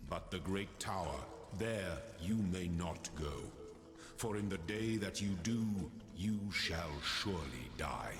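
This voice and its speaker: A man's voice: sits low, animated, slow pace, heavily acted. A man voicing a commanding, godlike game figure that speaks down from the sky in a solemn decree. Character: deep commanding male god voice from the sky. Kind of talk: video game voice acting. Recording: long echoing reverb with music.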